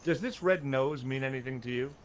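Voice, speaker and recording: A man's voice: medium pitch, brisk, a little hiss or hum, close to an everyday voice. An actor playing a wry male adventurer who narrates his own exploits with dry sarcasm.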